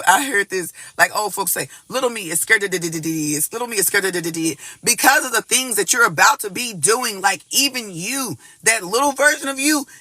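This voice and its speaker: A man with a high, very bright voice gives a casual tarot reading to his viewers. He talks in an animated rush, swears often and circles back over his own words. The sound is close and dry. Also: no room sound. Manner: animated, cursing, repeats words and phrases. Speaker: tarot reader.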